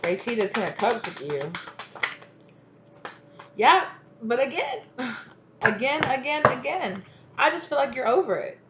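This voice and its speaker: A woman's voice: a little high, sing-song, a little slow, pauses often. A woman giving a casual spoken tarot reading, chatty and laughing, swearing freely as she talks to her viewers. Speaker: tarot reader. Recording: roomy echo, faint noise.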